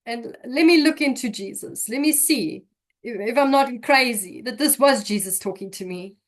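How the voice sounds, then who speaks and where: Emotional woman giving a halting testimony. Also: fairly high pitch, fairly bright tone. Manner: halting, emotional, with frequent restarts. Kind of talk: personal faith testimony.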